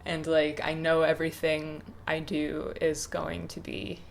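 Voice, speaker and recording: A young woman in her twenties talking to camera off the cuff, hesitant and reflective, with many pauses and restarts. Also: deep voice, little pitch movement, gravelly, slight background noise. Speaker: YouTuber. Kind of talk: casual unscripted talk to camera.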